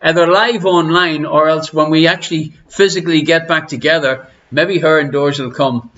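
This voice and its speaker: Chatty Irish quiz host, lo-fi. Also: male voice, on the high side, steady tone, moderate pace, a bit bright, slight background noise. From Ireland. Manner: chatty, teasing, greets viewers by name. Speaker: online quiz show host. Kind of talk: casual live-stream chat. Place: living room at home. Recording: lo-fi home stream audio.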